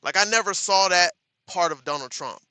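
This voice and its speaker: A man hosting a live stream talks straight to his chat and reads their comments aloud. His voice is bright and a little high, and he repeats lines like a refrain. The sound is dry and close. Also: normal speed, smooth, no room sound. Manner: talks straight to chat, repeats "understand that", gets loud and firm.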